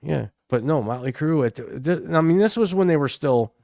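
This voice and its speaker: A man's voice: a little high, lively intonation, fairly quick, creaky, darkish tone, no room sound, studio quality. A middle-aged man, co-hosting a casual chat and telling rowdy, profane stories full of acted-out quotes. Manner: rowdy storyteller, swears freely, acts out quotes. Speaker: podcast co-host.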